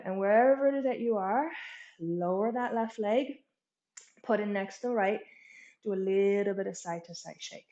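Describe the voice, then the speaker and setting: A woman teaching a guided yoga class, giving steady cues and checking in with "okay?" as she goes. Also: fairly high pitch, muffled recording. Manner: encouraging, frequent "okay?" check-ins. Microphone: earbud mic. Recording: roomy echo.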